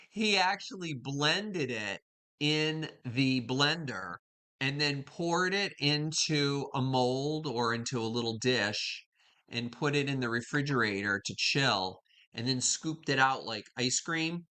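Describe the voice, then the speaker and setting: Bright-voiced chatty woman host. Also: rumbling low, slow. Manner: chatty, rambling, greets viewers by name. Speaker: live stream host. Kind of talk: casual chat with live viewers. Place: home kitchen.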